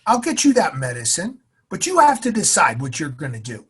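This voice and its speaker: A man voicing a firm mother who lectures her son, in a stern, steady tone. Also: a little high, a little fast, husky, heavily acted.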